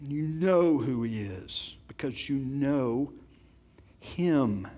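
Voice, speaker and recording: A man's voice: mid-range voice, expressive, extremely slow, dark tone. A man preaching a sermon, earnest and emphatic, often repeating words as he goes and putting questions straight to his congregation. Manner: addresses the congregation directly with questions.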